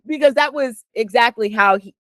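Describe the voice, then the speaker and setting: A woman's voice: a little high, normal speed, a bit bright, no echo. A woman co-hosting a casual talk show, telling stories animatedly with acted-out quotes. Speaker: co-host. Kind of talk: casual chat.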